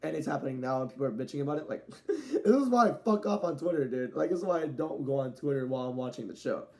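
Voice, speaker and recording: Young man, mellow tone, rambling and slangy, casual solo review, self-correcting. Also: on the high side, animated, quick pace. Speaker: wrestling show reviewer.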